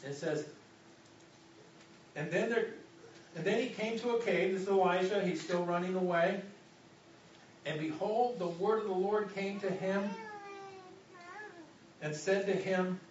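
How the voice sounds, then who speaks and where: A man's voice: high voice, unhurried, pauses often, distant mic, a little hiss or hum. Man preaching in an echoey hall. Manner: dynamic preaching, drops to a soft hush for God's voice. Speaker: pastor. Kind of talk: sermon. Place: church hall. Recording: echoey, muffled hall recording from afar.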